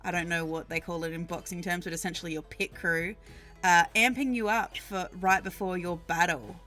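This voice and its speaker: A woman's voice: lowish voice, fairly even intonation, brisk, pushed and bright, faint music behind. A woman running a tabletop game as game master, narrating loosely and casually, with fillers and laughs.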